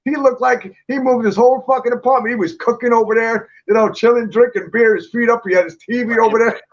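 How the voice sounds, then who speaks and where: A man's voice: very high-pitched, fairly even intonation, fast talker, muffled recording. A man talking as a guest in a casual chat, telling stories bluntly and with plenty of swearing. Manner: blunt, profane storytelling. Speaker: guest, clothing designer.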